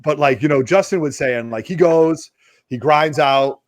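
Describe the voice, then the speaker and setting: A man with an East Coast American accent, hosting a casual chat and telling stories in a rambling, animated way full of fillers. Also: a little high, normal speed, no echo. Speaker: host. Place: home studio basement.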